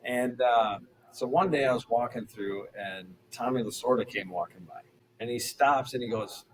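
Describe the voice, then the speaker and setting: A middle-aged man, a former pro pitcher, telling stories casually as a podcast guest and acting out the people he quotes. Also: normal speed, slight background noise, rough recording. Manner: animated, acts out quoted voices. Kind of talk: casual storytelling.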